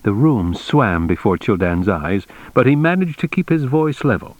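A man narrating an audiobook in a measured, even storytelling manner. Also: lowish voice, no room sound, poor audio. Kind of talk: scripted narration.

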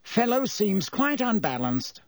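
Blustering, pompous storybook official, voiced by a man; barks, pitched up. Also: sing-song, measured pace, no echo, clean studio sound. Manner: blustering and barking. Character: flustered, pompous male government minister.

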